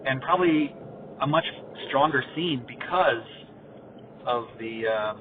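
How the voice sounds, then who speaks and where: Male host, mid-pitch, talks loosely while driving, recorded thin and narrow like a phone line. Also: a little hiss or hum. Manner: rambling, halting, trails off quietly. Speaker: podcast host. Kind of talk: casual chat while driving. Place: inside a car. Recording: tinny phone-like car recording.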